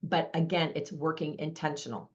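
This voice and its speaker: A woman's voice: low-pitched, moderate pace, lo-fi sound. A woman hosting a group call who tells stories chattily and acts out the dialogue. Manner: chatty storyteller acting out dialogue. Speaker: meeting host. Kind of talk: casual group sharing.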